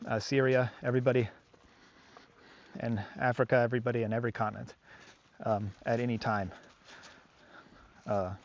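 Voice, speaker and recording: A man's voice: medium pitch, level tone, moderate pace, long pauses, dull audio, a little hiss or hum. A man working as a dog trainer, talking casually to the camera on an outdoor walk, rambling and reflective with many fillers.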